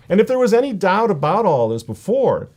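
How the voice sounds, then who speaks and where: A man's voice: sits high, big pitch swings, brisk, darkish tone. Indignant man giving sarcastic commentary. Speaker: host of a political commentary show. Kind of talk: opinion commentary.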